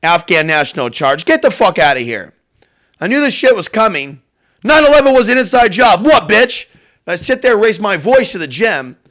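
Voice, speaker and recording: A man's voice: high-pitched, very animated, normal speed, a bit bright. A man hosting a morning show in a rambling, profane, brash casual monologue. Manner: brash, profane, jumps between topics. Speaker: host.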